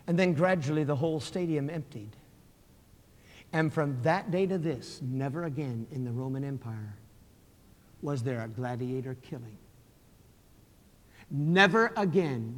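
A man preaching a sermon, telling a story dramatically and swinging from loud outbursts to hushed prayer. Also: a little high. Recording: hall with long reverb.

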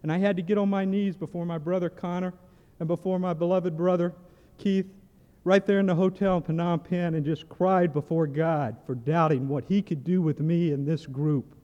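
A man's voice: high-pitched, steady tone, moderate pace. A man giving an earnest testimony in church, building to fervent exclamations. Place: church hall. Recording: muffled church hall recording.

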